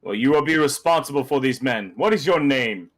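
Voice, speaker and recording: A man's voice: mid-range voice, animated, a little fast, lightly acted. A man voicing a stern, suspicious male guard commander who speaks in formal, old-fashioned commands for a tabletop game.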